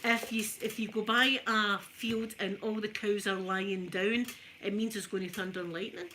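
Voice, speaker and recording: A Glaswegian woman in her fifties, chatting softly in an ASMR video while ironing, telling lively stories and answering viewers in broad Scots. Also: medium pitch, moderate pace, slight background noise. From Scotland. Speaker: ASMR creator. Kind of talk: soft-spoken ASMR chat while ironing.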